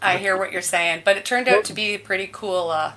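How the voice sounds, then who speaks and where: A woman's voice: medium pitch, steady tone, fairly quick, bright, forceful tone. A woman co-hosting a live music show, a local musician, bubbly and giggly as she chats. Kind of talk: casual live show chat.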